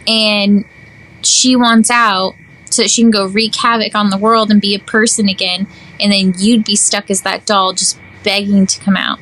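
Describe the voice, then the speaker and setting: A young woman co-hosting a podcast in casual chat, animated and playfully dramatic. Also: medium pitch, normal speed, poor audio. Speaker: podcast co-host.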